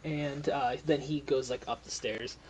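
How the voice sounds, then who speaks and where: A young man serving as game master narrates a tabletop game in a steady, mid-range voice, unhurried, with background noise present. His narration is loose and rambling, heavy on fillers, and he laughs often.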